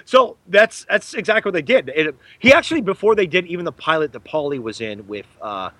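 A man who is an actor, guest on an interview podcast, telling stories in an animated, theatrical way and putting on voices. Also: fairly high pitch, quick pace, dry recording. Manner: excitable, theatrical, mimics voices. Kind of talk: animated storytelling in conversation.

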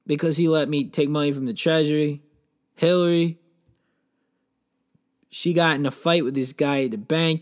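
Young guy riffing a goofy monologue, slightly high voice, lots of "you know" and restarts. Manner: meandering, filler-heavy, deadpan mock storytelling. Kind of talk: rambling comic monologue.

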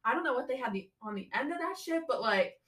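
A woman's voice: high-pitched, quick pace, recorded from a distance. Chatty young woman, a bit off-mic. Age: young adult. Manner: chatty, heavy use of "like", animated retelling. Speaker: podcast guest. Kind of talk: casual storytelling chat.

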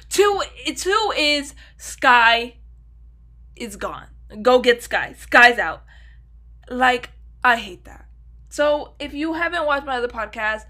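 A young woman telling a story in a casual solo podcast, swearing freely and cutting herself off. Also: fairly high pitch. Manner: swears freely, animated, self-interrupting. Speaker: podcast host.

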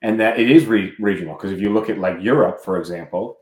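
A man co-hosting a podcast, musing in a low voice as he stops and restarts his thoughts. His words ring in a roomy, echoing space. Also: quick pace, a little mellow. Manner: hesitant, many restarts and fillers. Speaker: podcast co-host. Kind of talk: casual podcast chat. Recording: roomy echo.

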